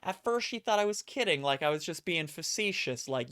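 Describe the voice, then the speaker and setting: This adult live streamer talks briskly, with hardly any pauses, in an expressive, medium-pitched and fairly bright voice. Chatting casually with viewers, they ramble through stories, act out quotes and mock themselves.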